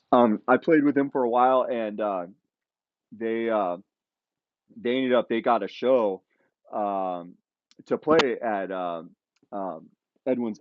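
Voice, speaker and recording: A man's voice: on the low side, no room sound. A man telling a long story on a podcast in a casual, rambling way, swearing freely and full of fillers and restarts. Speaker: podcast guest. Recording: dull lo-fi sound.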